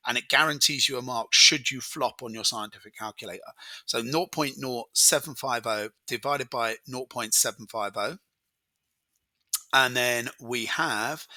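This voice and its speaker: A man's voice: medium pitch, pushed and bright, no echo. A man tutoring chemistry, talking casually through exam questions as he works them out aloud. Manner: chatty, talks through working aloud. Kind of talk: exam walkthrough lesson.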